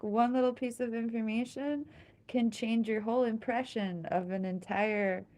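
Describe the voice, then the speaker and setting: A young woman streaming live, chatting casually with viewers. She rambles, laughs at herself often and stops to thank people for gifts. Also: medium pitch. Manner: giggly, self-mocking, rambling.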